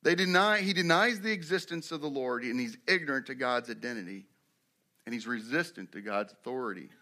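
Bright-voiced preacher, man. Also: mid-range voice, animated, a little fast. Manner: swings from hushed storytelling to loud emphatic preaching; asks the congregation questions. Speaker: pastor. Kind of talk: sermon.

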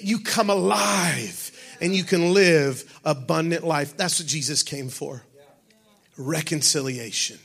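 A male pastor preaching a sermon, swinging from shouted passages to hushed, breathy tones. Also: a little high, slow pace.

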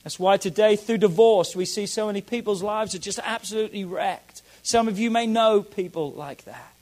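A man preaching a sermon as a pastor, emphatic and repeating key phrases, swinging between loud declarations and soft asides. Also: high-pitched, normal speed, poor audio.

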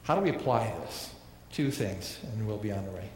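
A man's voice: on the low side, animated, moderate pace, darkish tone, slight background noise. A male pastor preaching a sermon, emphatic, repeating phrases and asking rhetorical questions. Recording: echoey hall reverb, faint ambience.

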